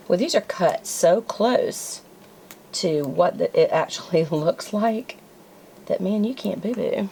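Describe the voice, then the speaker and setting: A woman's voice: lowish voice, lively intonation, slow, gravelly, mellow, a little hiss or hum, low-quality recording. Southern woman chatting while she crafts. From American South. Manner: chatty, talks to herself as she works. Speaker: planner vlogger. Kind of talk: casual chat while crafting.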